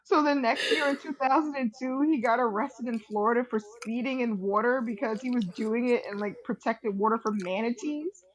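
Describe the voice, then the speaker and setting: A woman's voice: fairly high pitch, moderate pace, hardly any pauses, poor audio. A woman co-hosting a podcast, retelling stories in a loose casual chat full of fillers and giggles. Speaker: podcast co-host.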